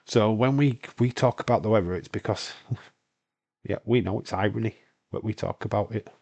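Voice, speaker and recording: A man's voice: on the low side, normal speed, creaky, darkish tone. A young Scottish man hosting a casual live-stream chat, rambling and swearing freely, his voice congested from hay fever. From Britain. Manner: rambling, sweary, laughs often.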